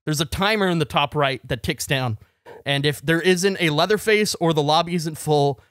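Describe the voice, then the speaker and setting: A man with a high, light voice tells a story on a podcast, getting animated as he acts out both sides of an argument. The sound is dry and close. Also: no echo. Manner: animated, acts out shouting matches. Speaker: podcast co-host. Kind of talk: casual storytelling.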